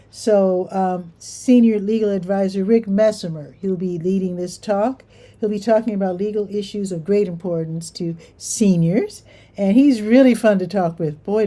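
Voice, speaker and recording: Woman, community host, casual chatty schedule reading, very warm dark tone, mid pitch. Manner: chatty, reads schedules aloud with asides. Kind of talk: casual live-stream event rundown.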